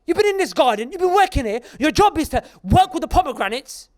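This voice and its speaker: A man's voice: extremely high pitch, racing, voice pushed up. A man voicing a rich male garden owner, indignant and demanding, during a story in a sermon. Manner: exasperated, demanding questions.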